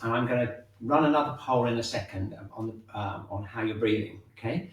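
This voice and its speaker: Man leading a breathing class, mid-pitched voice, very echoey room, a little off-mic, calm and encouraging. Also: brisk, recorded from a distance. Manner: calm, encouraging instructions, often checking in with "okay". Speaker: shiatsu and qigong teacher. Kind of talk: guiding an online movement class.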